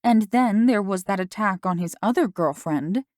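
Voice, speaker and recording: A woman's voice: mid-range voice, animated, normal speed, a little mellow, no room sound, lightly acted. Woman reading caring mom, coaxing and probing, a bit lifted, dry close sound. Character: worried mother, gentle, probing.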